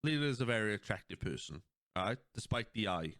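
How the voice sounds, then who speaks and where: A young man hosting a casual podcast chat, rambling and animated as he retells scenes. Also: fairly low pitch, fast, dry recording, clean studio sound. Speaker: podcast host.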